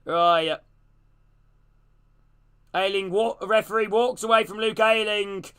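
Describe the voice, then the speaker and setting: A man streaming a live football watch-along, calling the play and greeting his chat in a casual, excitable way. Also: high voice, takes it slowly, clear, resonant tone. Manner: casual, greets chat between plays, gets loud and excited on attacks.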